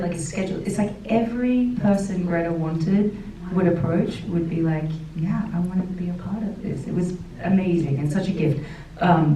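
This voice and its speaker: Low-voiced woman, distant and roomy. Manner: chatty, animated, many fillers and restarts. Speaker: actress on a panel. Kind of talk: panel Q&A chat. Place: screening room with audience. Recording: roomy and distant with faint noise.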